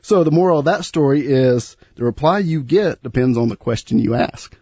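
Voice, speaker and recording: Male talk show host, husky voice, dry dull lo-fi sound, chatty. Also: on the high side, lively intonation, normal speed, no room sound. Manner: warm, chatty, repeats words. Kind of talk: radio talk show chat.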